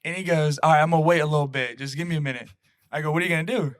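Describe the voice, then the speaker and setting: A young man telling a story on a casual podcast, animated and slangy, acting out what people said. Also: a little high, very fast, dry recording, clean studio sound. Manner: animated, slangy, acts out quotes. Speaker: podcast co-host.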